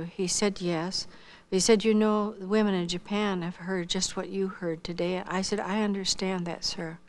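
A woman giving a spoken missionary testimony, telling her story earnestly and quoting the dialogue. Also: lowish voice.

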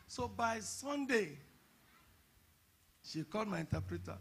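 A man pastor preaching a sermon at a church conference, telling stories and breaking into shouted emphasis. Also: sits high, expressive, takes it slowly, pauses often, slightly rough. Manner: storytelling preacher who bursts into shouted emphasis.

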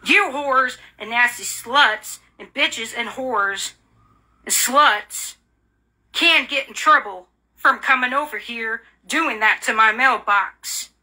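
A woman's voice: fairly high pitch, slow pace, pushed and bright. A woman in an angry, profane rant, hurling repeated insults and accusations. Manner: furious, profane, repetitive insults; bitter, accusing.

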